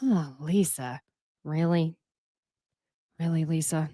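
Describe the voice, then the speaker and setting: A woman giving a casual, opinionated recap of a reality show, candid and quick to swear. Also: low-pitched, mellow, no echo.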